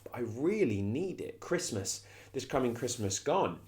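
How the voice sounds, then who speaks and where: A man's voice: medium pitch, very animated, moderate pace. A middle-aged man, giving a reflective, conversational self-help talk as a coach and often restarting his phrases. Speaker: coach and consultant.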